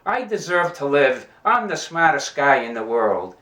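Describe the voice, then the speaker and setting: A man's voice: on the high side, very animated, normal speed, sharp tone. A man voicing a smug, boastful rich tech man in a joke, in a fairly roomy recording. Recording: roomy echo.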